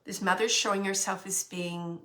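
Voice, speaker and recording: A woman working as a medium, giving a spirit reading to an audience, speaking softly, musing aloud and often dropping to a whisper. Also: mid-range voice, fairly even intonation, moderate pace. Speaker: psychic medium.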